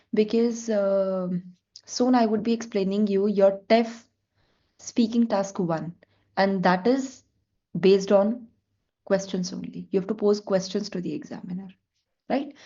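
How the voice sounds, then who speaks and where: A middle-aged woman teaches a French lesson over a video call, explaining each point patiently and switching easily between English and French. Her voice is mellow and a bit dark. The call audio sounds slightly dull. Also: mid-range voice. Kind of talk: online class teaching.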